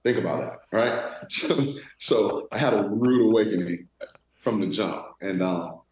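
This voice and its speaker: A man in his thirties, a former football player from Florida, telling stories in a relaxed interview with many restarts. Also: fairly low pitch, measured pace, echoey room, rough recording. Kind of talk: casual interview talk.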